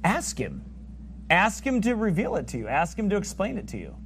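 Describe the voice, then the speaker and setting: A man delivering a sermon with a fairly high voice. He preaches with fervor, building to loud emphatic peaks and sinking into low, quiet asides as he reads and explains scripture. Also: huge pitch swings, moderate pace, slight background noise. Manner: reads scripture aloud in old biblical wording.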